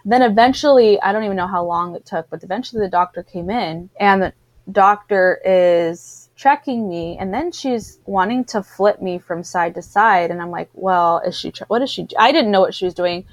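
A woman's voice: medium pitch, normal speed, no echo. A woman in casual chat, animatedly telling a personal story and acting out the voices of the people in it. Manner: animated storyteller, acts out what others said.

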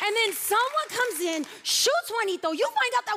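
Woman preacher, high voice, animated and funny, big hall reverb. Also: normal speed, few pauses, very noisy. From Mexican and Puerto Rican family. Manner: animated, humorous storytelling. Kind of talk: sermon. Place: church stage. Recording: long reverb of a large hall.

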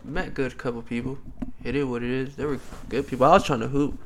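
A young college athlete in casual chat, telling stories in a laid-back, slangy way with plenty of swearing. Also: male voice, mid-range voice, fairly even intonation, fast, fairly bright tone, a little hiss or hum. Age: young adult.

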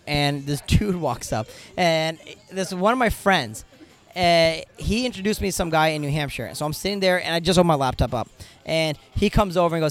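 An American man in his thirties, a podcast guest telling animated, profane stories and laughing through them in casual chat. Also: on the high side, normal speed. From United States.

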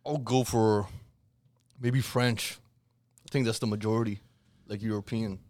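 A man chatting on a podcast as a guest, who laughs often and lets his sentences trail off softly. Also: fairly low pitch, fairly even intonation, a little slow. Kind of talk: casual podcast chat.

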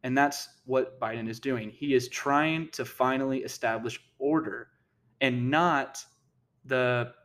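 A man's voice: medium pitch, takes it slowly, a bit bright. A man giving casual opinion commentary, heated and indignant, who often stumbles over his words and repeats himself. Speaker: political commentator.

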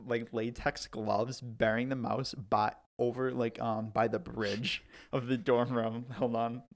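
A young man on a podcast, speaking into a studio microphone with a gravelly edge to his mid-range voice. He tells stories in an animated, chatty way, scattering "like" through every sentence. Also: mid-range voice, measured pace. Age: young adult. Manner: animated storyteller, full of "like". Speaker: podcast co-host. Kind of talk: casual storytelling.

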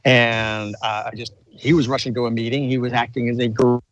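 A man's voice: mid-range voice, flat delivery, fairly quick, dry recording, poor audio. An older man, a retired colonel, telling a story in an interview with intensity and emphasis, often restarting his sentences. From United States. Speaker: guest, retired colonel and author.

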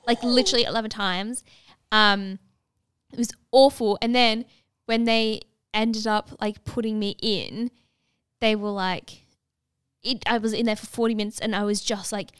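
A young woman telling a story in casual chat, animated and full of fillers, acting out what others said. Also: medium pitch, normal speed, clear, resonant tone, dry recording, clean studio sound. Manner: animated, many filler "like"s, acts out dialogue.

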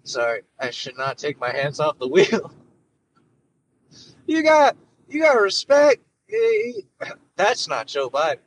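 A man's voice: a little high, wildly swooping pitch, slow, pauses often, a little hiss or hum, heavily acted, low-quality recording. A man putting on a rambling, stammering elderly male politician in a comic impression, recorded in a car through a phone. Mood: rambling bluster. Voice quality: stammering, repetitive, hoarse-edged. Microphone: phone through car system.

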